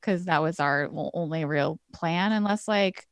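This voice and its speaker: A woman's voice: fairly low pitch, normal speed, smooth, no room sound. A woman playing a tabletop game, talking tentatively with lots of fillers. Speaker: player. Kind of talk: casual tabletop play.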